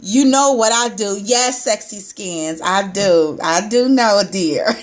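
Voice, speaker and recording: A woman's voice: medium pitch, slow pace. A woman coaching on weight loss, chatting casually on a live stream from her phone and greeting her viewers by name with sing-song hellos.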